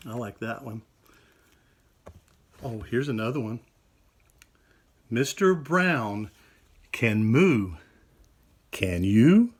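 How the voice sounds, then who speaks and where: A man's voice: medium pitch, big pitch swings, very slow, long pauses, husky. An older man teaching a children's class, talking cheerfully to kids and cracking corny jokes from his home office. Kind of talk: children's show talk.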